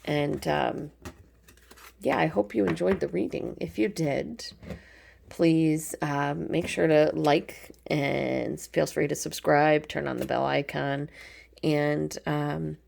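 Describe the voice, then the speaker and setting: A woman's voice: sits low, steady tone, slow, gravelly, darkish tone, a little hiss or hum. A woman giving a casual, chatty tarot card reading, informal and affectionate, with frequent ums. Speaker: tarot reader.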